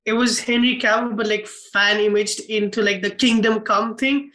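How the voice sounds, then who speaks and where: A man's voice: sits high, steady tone, moderate pace, bright, forceful tone, low-quality recording. A man co-hosting a film podcast, casual and heated, swearing and rambling with many restarts. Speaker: podcast co-host.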